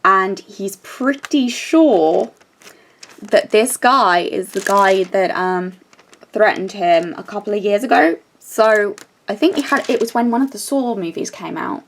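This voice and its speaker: A woman's voice: mid-range voice, measured pace, a little hiss or hum. A young woman chatting casually while she crafts, telling a story with lots of fillers and restarts. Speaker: crafting vlogger.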